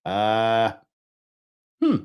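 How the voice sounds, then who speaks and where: A man's voice: lowish voice, wildly swooping pitch, drawn-out words, a little mellow, clean tone. A man hosts a livestream over a video call, his voice rising and falling a lot. He rambles and jokes at his own expense. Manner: self-mocking, rambling, joking. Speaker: host. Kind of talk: casual livestream chat.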